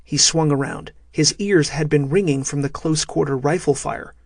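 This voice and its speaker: A man narrating a thriller audiobook in a steady, measured way. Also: fairly high pitch, no room sound, clean studio sound.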